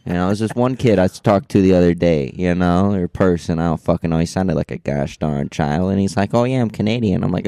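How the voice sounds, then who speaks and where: A man with a low, gravelly voice that swings up and down a lot as he talks. He is co-hosting a casual podcast chat, crude and teasing. The sound is dry and close. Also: moderate pace, dark tone, dry recording. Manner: crude, provocative joking. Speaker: podcast co-host.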